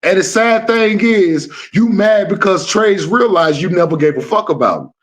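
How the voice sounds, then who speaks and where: Male streamer, slightly high voice, brash and profane, confrontational live rant. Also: expressive, moderate pace. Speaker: livestream host.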